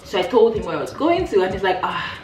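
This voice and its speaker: A woman chatting casually in a vlog, telling stories in an animated way and acting out what people said. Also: fast, recorded from a distance, a little hiss or hum. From Nigeria. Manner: animated, acts out quoted dialogue with big pitch jumps. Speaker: vlogger. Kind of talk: casual storytelling chat. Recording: roomy sound from off the mic, faint music.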